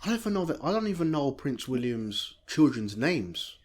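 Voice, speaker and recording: A man's voice: mid-range voice, very animated, moderate pace, a little mellow. A man, co-hosting a casual chat podcast and rambling with lots of "you know, like.". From England. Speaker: podcast co-host.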